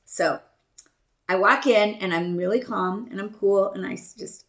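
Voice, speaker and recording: A woman's voice: mid-range voice, measured pace, reverberant. A woman hosting a podcast, telling a casual story in a chatty, self-deprecating way, laughing often and trailing off with ums. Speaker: podcast host.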